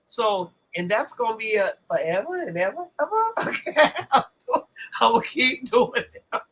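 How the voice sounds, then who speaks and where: A woman hosting a podcast, chatting loudly with lots of laughter and profanity. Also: a little high, very animated, moderate pace, low-quality recording. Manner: loud, laughing, profane banter. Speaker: podcast host. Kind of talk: casual chat.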